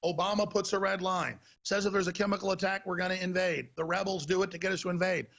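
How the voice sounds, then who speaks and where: A man in full rant as a talk show host, his voice deeply gravelly and worn rough with a husky edge. He sits a touch higher than most men and hammers every point with heated emphasis. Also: fairly even intonation, fast talker, fairly bright tone, lo-fi sound.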